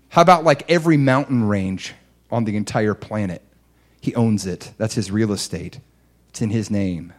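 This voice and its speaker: A young adult man preaching a sermon, earnest and emotional, his voice dropping soft and low, then lifting into excited outbursts.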